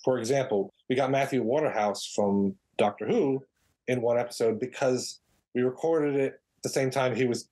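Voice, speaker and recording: Husky-voiced guy on a podcast, lively storyteller, does little voices for people he quotes. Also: mid-range voice, normal speed. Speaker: podcast guest, audio drama director. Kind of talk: casual interview chat.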